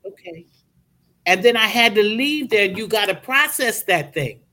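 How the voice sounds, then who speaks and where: Expressive preacherly Southern woman. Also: medium pitch, measured pace. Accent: Southern American. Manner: expressive, acts out quoted speech, preacherly. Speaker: podcast guest. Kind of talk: motivational casual chat.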